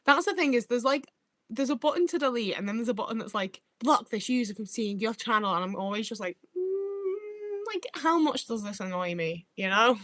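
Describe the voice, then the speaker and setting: A woman's voice: on the high side, lively intonation, a little fast, fairly bright tone, no room sound. A young woman from the north of England, chatting bluntly and swearing freely as she reads out comments on her livestream. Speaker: livestream host. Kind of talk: casual livestream chat reading comments.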